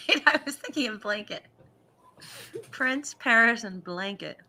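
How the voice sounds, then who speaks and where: A woman co-hosting a casual chat show with a bright, sharp tone. She riffs playfully and giggles between lines. The talk is loose and unscripted. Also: fairly high pitch, expressive, slow, slight background noise. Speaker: co-host.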